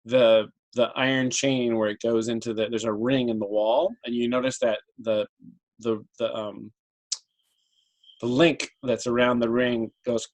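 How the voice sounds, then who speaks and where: A man running a tabletop game as game master, thinking aloud and pausing on many ums as he talks. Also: mid-range voice, steady tone, poor audio.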